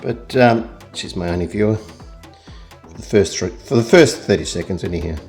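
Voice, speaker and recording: A middle-aged Australian man giving a relaxed, rambling painting lesson, talking as he works and joking at his own expense. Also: lowish voice, moderate pace, soft background music. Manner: rambling, self-deprecating, chatty. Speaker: art tutor. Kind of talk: real-time painting tutorial.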